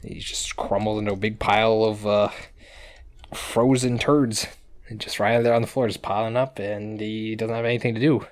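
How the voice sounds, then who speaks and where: Low-voiced man in rambling casual recap. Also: little pitch movement, moderate pace. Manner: rambling, profane play-by-play retelling. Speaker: podcast co-host recapping episodes. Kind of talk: casual chat.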